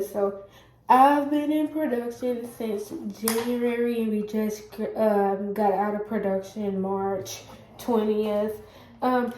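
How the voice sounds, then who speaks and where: Woman vlogger, blocked-up nasal sound, warm low-key tone, loose chatty delivery full of restarts, roomy recording. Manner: rambling, many fillers and self-corrections; does her hair while talking. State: stuffy, congested. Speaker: vlogger giving work-from-home job advice. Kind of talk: casual chat to camera. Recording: echoey room.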